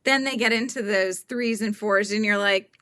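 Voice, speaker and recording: This is a thirtysomething woman running a casual crochet livestream, where she chats, reads comments from viewers, and laughs a lot while performing quotes. She speaks at a normal speed in a medium pitch with a sharp tone, and the recording is dry.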